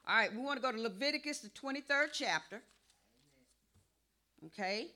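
A woman pastor preaching a sermon, calling for responses and rising to a shout. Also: fairly high pitch, expressive, moderate pace.

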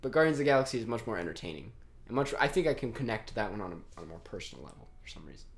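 A man's voice: on the low side, sing-song, rapid-fire, gravelly. A young man hosting a casual podcast chat, rambling and trailing off, laughing often. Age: young adult. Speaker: podcast host.

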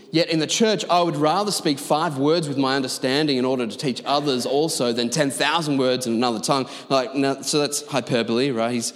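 A man preaching to a large congregation, his voice ringing with the long reverb of a big church hall. He talks in a conversational, emphatic way, stopping for quick asides. His pitch sits mid-range for a man. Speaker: pastor. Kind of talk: sermon.

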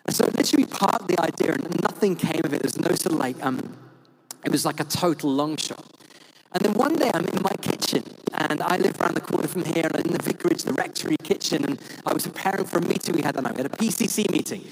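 A man, a parish priest, telling a story in an animated, chatty sermon full of fillers. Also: a little high, fast talker, very noisy. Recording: echoey hall with long reverb.

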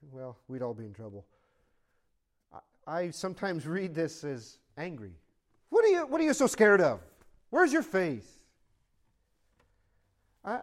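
A male pastor preaching a sermon, swinging from loud, emphatic lines to soft, conversational asides in short repeated phrases. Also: a little high.

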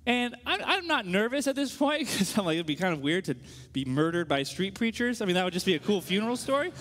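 A high-voiced man preaches to a room, his pitch swinging widely as he tells a story with quick asides. His voice carries a long reverb from a large hall. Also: big pitch swings, a bit bright. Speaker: pastor. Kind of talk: sermon storytelling.

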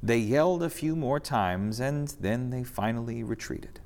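A man reading a rhyming story aloud during a church service, expressive and sing-song, in a reverberant sanctuary. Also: mid-range voice, a little slow.

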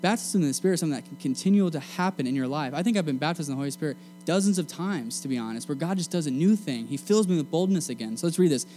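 Casual young male preacher, mellow voice. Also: a little high, racing, hardly any pauses, soft background music. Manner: casual and energetic, slangy preaching. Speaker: student preacher. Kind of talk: sermon. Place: meeting room.

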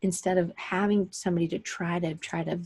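A woman's voice: lowish voice, steady tone, brisk, darkish tone, husky. A woman hosting a live online session, talking casually in a chatty, rambling way with many fillers and self-corrections. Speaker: host of a live online session for creative business owners. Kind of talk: casual livestream talk.

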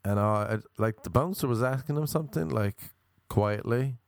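A man's voice: medium pitch, normal speed, gravelly, dry recording. A young Irish man with a Cork accent, rambling through a sardonic stand-up story, swearing and acting out voices. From Ireland.

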